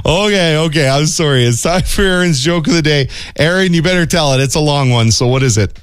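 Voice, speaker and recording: A man's voice: on the high side, a little fast, smooth, dry recording, studio quality. A man hosting a comedy show, playful and joking.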